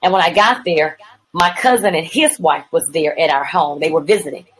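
A woman's voice: sits low, normal speed, slightly rough, low-quality recording. A woman evangelist sharing her personal testimony as a podcast guest, telling her story vividly and acting out what people said. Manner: addresses the host as "woman of God".

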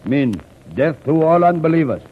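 A man's voice: fairly high pitch, expressive, normal speed, natural voice. A man playing a loyal jungle companion in clipped broken speech. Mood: grave. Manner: clipped broken-English phrases. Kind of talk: 1940s radio acting. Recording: muffled old radio recording, background hiss.

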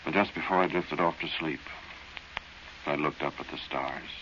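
An actor playing a plain-spoken man who tells of a frightening night, narrating slowly and confidingly in a 1940s radio drama. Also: very deep voice, pushed and bright, full character voice. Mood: hushed, reflective. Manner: slow, confiding storyteller. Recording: dull, hissy old radio recording.

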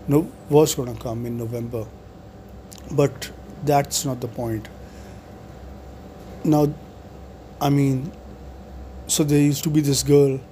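A man's voice: medium pitch, dark tone, a little hiss or hum. A man in his forties, talking to camera in a meandering monologue full of fillers and restarts. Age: 40s. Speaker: video blogger.

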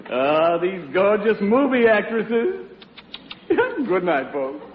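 A man's voice: sits high, big pitch swings, drawn-out words, a crowd in the background, background noise, heavily acted. An actor playing a hearty, chuckling male train conductor, in a 1940s radio comedy. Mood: jovial. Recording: dull old radio recording, off-mic in a hall.

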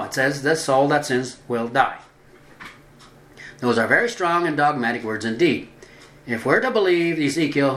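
A man's voice: medium pitch, a bit bright. Man reading religious teaching in a roomy echo. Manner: deliberate, drawing out stressed words. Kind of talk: scripted religious narration.

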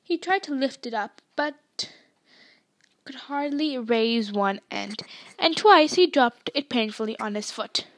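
A woman reads a novel aloud with expressive storytelling. Her voice sits high. The reading is even and engaging. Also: a little slow. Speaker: audiobook reader.

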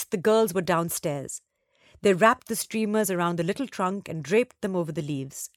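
A woman reading a children's story aloud, with expressive, varied delivery. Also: lowish voice, normal speed, dry recording, clean studio sound.

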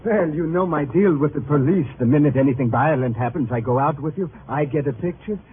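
A fussy, proud photographer stammers in a formal, eager voice set a little high, played by an actor in a 1940s radio drama. The sound is tinny and narrow, with faint hiss behind it. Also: male voice, a little fast, natural voice. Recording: tinny old radio broadcast.

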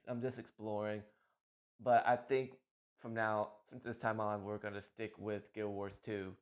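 Gamer dude rambling about his game, repeats himself a lot, bit dull lo-fi mic. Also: fairly low pitch. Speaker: gaming content creator. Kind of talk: casual chat about a game.

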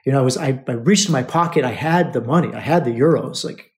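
A man from the United States hosts a storytelling podcast, talking straight to his listeners. His voice has a gravelly, fry-tinged texture at an ordinary middle pitch. He repeats phrases and gets openly emotional as he tells the story. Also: fast talker, few pauses, darkish tone. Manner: emotional, repetitive, addresses listeners as brothers. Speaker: podcast host. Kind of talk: personal storytelling monologue.

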